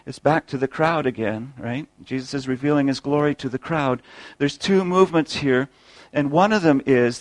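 A man's voice: on the high side, dry recording, rough recording. A man preaching a sermon, earnest and explanatory, posing rhetorical questions and often repeating words as he goes.

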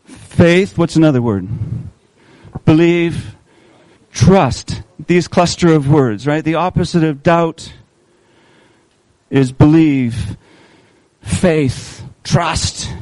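A man delivering a sermon in a fairly high voice, often posing questions to the congregation and drawing out key words to stress them. The sound is close and dry, with almost no room echo. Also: darkish tone. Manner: asks the congregation questions, slows for emphasis. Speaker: preacher.

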